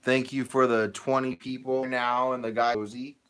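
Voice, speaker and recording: A man's voice: medium pitch, level tone, moderate pace, fairly bright tone, clean tone. A man co-hosting a live stream, reading out viewer comments and adding dry, laid-back remarks. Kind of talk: casual live-stream chat.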